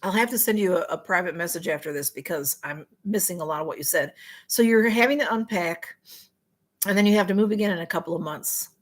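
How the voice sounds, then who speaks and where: A woman's voice: lowish voice, fairly quick. A woman hosting a casual livestream, chatting to viewers and reading their comments, often apologizing for missing what they wrote. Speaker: livestream host.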